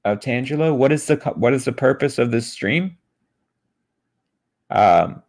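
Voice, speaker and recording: Deadpan, mocking male streamer. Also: medium pitch, measured pace, long pauses. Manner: mocking, deadpan asides, frequent restarts. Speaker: streamer reading a book aloud. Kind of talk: sarcastic live-stream commentary.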